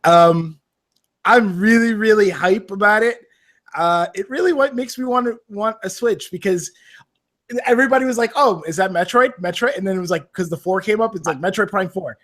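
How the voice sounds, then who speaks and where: Hyped high-voiced man joining remotely. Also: fairly bright tone. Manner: hyped, quick, retelling reactions. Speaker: guest on a live stream. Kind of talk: casual gaming chat. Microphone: remote call audio.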